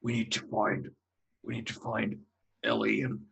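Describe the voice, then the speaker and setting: A man voicing a weary, gravelly adventurer. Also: lowish voice, monotone, normal speed, a bit bright, full character voice. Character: weary male adventurer coming off adrenaline.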